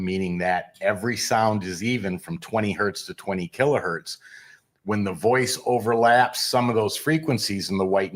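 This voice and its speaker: A man as a guest researcher, explaining at length in a measured, lecturing way. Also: lowish voice. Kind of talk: explanatory interview talk.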